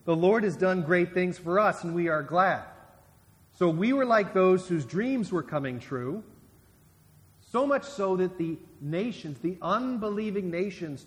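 A man's voice: high-pitched, expressive, unhurried. Conversational male preacher in a reverberant church. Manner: conversational, with many restarts and asides. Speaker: guest preacher. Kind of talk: sermon.

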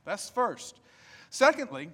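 A man delivers a sermon from the pulpit of a church sanctuary, his fairly high voice rising and falling in an emphatic, repeating cadence. He speaks slowly and leaves dramatic pauses between phrases. The sound carries a long, reverberant hall tail. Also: big pitch swings, pushed and bright. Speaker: pastor.

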